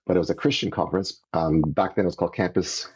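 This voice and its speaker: Man, from canada, podcast guest, low husky voice, earnest storyteller, dull lo-fi sound. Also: fast talker. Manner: earnest, animated, acts out quoted voices. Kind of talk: casual storytelling interview. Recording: dull lo-fi audio.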